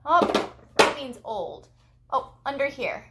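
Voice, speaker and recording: A mother hosting a home video, teaching her child farm animal sounds and signs in a slow, sing-song way meant for a small child. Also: fairly high pitch, expressive. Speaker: mother and channel host. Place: home room, playing with a toy farm. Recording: echoey room with background noise.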